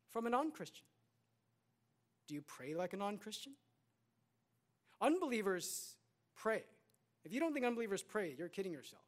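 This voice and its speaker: A man's voice: high-pitched, fairly bright tone. A man in his thirties preaching a sermon, earnest, with rhetorical questions and repetition. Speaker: pastor.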